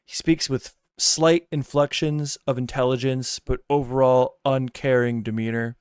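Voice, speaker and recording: A young man riffing in a blunt, profane, rambling way as he reacts on stream. His voice sounds smooth and resonant. The sound is dry and close, with no room around it. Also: mid-range voice, fairly even intonation, a little slow, few pauses, darkish tone, no echo. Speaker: streamer reacting to a podcast clip. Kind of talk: casual reaction commentary.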